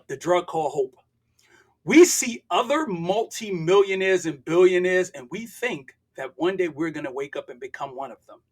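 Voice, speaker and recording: Husky, emphatic older man. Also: high-pitched. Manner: emphatic and preachy, repeats points, sometimes shouting. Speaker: podcast guest. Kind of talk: impassioned podcast talk.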